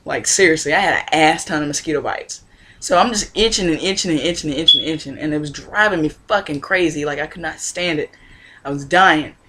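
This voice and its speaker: Vlogger, young woman, lowish voice, cusses a lot, laughs through her stories. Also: fairly quick, pushed and bright, slight background noise. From Indiana, USA. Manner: profane, blunt, laughs often. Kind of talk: casual storytelling monologue.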